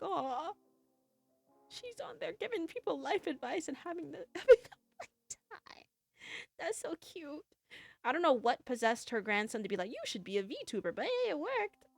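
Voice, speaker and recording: Giggly young woman streamer, lively high voice. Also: no room sound. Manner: playful, giggly, self-mocking. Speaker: VTuber streamer. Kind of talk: casual chat with stream viewers.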